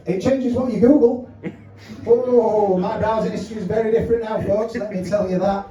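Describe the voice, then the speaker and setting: A man with a high, mellow voice at a moderate pace does a chatty, swearing stand-up set, acting out phone calls as the crowd laughs. He's in a small pub comedy room on a handheld mic, filmed from far away by a tripod camera, so the sound is roomy and distant, with crowd laughter.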